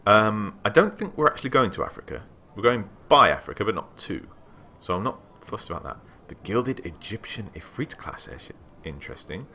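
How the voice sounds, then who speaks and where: Male let's play host, deep, bright-edged, animated reader. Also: a little hiss or hum. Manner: excitable, animated, reads aloud with asides. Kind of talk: let's play commentary and reading game text.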